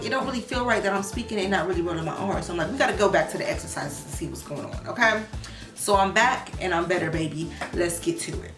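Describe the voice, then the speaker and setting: A young adult woman vlogger talking casually to her viewers, slangy and animated, practicing Spanish words. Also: fairly low pitch, roomy sound. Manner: animated, slangy, talks to viewers, bursts of excitement.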